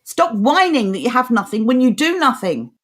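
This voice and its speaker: A woman's voice: fairly high pitch, very animated, normal speed. A woman co-hosting a live political talk show, speaking with an impassioned, ranting delivery. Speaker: co-host.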